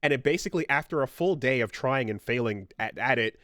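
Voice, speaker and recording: A man co-hosting a podcast tells a story in casual chat, animated and swearing freely. His mid-range voice runs a little fast, and the recording is dry with clean studio sound.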